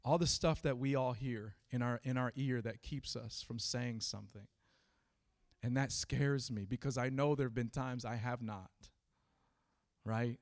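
A man preaching a sermon to a church gathering, talking in a halting way with many fillers, then building to fervent preaching. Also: mid-range voice.

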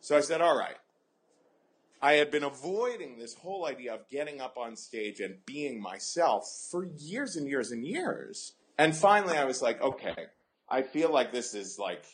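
A man's voice: medium pitch, normal speed, husky. A middle-aged man from the American Midwest, telling stories from his own life as an interview guest and acting out his own past words. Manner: animated, acts out his own quotes. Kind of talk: conversational storytelling.

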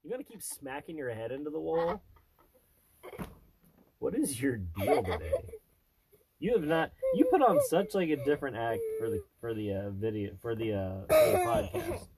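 A middle-aged man, a father co-hosting a casual podcast, who rambles with fillers and teases in a relaxed way. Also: medium pitch, normal speed, heavy background noise. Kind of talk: casual chat.

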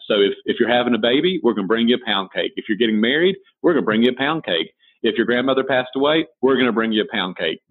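A man's voice: fairly low pitch, husky. A man with a Southern American accent, a designer and author answering interview questions in a folksy, storytelling way. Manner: folksy storyteller, frequent restarts. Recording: tinny phone-like line.

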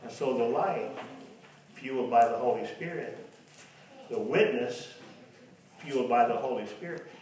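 A man's voice: unhurried, long pauses, a little mellow, a little hiss or hum. Man, preacher, sermon, mocking asides, distant mic, echoey church hall. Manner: mocks imagined doubters in a high voice.

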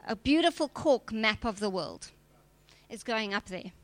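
A woman's voice: fairly high pitch, animated, measured pace. A woman preacher, giving a direct, emphatic sermon with touches of humor. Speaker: preacher and church leader.

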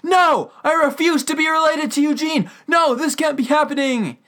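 A man's voice: on the high side, animated, a little slow, voice pushed up. Man doing a flustered, yelping grown man. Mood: outraged. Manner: stammering, then shouting in protest.

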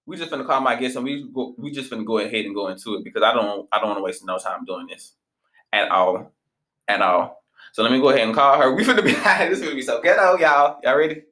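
A man hosting a podcast, telling stories in a blunt, profane and animated way. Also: mid-range voice, quick pace, reverberant. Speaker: podcast host. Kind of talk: casual podcast monologue.

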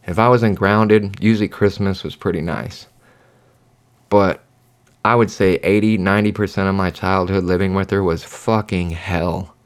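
A man with a very low, deep voice talks through his own story in a loose, rambling way. He swears constantly and speaks bluntly. It sounds like a candid solo podcast monologue. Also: fairly even intonation, moderate pace, clear, resonant tone. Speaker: podcast host.

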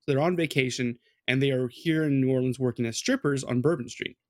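A man's voice: mid-range voice, brisk, a little mellow, no room sound, clean studio sound. A man co-hosting a podcast, telling a true crime story in a loose, rambling, casual way. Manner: loose, rambling, with lots of "like" and "dude".

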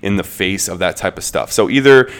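A man in his thirties co-hosts a parenting podcast, talking through why children act out. His voice is fairly low, and he reasons aloud in an easy, conversational way. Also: brisk, fairly bright tone. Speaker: podcast co-host.

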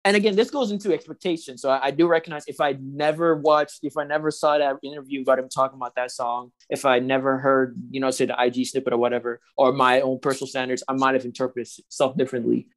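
A man with a mid-range voice talks on a podcast, lively and opinionated. He argues his points casually, with a playful edge. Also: medium pitch, fast talker, hardly any pauses. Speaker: podcast co-host. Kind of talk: casual chat.

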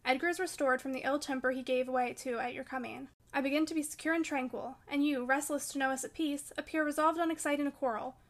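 A woman's voice: high-pitched, steady tone, fast, few pauses, close to an everyday voice. A woman reading the part of a proud, fiery young lady of the house in an audiobook, scolding and commanding. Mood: imperious. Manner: imperious and scolding.

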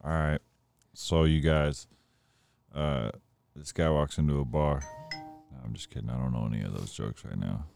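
A man co-hosting a casual podcast, laid-back and slangy, pausing often with fillers. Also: very deep voice, fairly even intonation, a little mellow. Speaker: podcast co-host. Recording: clear background noise with clicks.

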